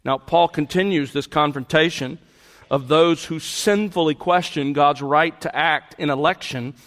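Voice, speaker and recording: A man's voice: on the high side, measured pace, a bit bright, long reverb tail. A man preaching a verse-by-verse sermon, stressing key words and repeating phrases for emphasis. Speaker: pastor. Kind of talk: expository sermon.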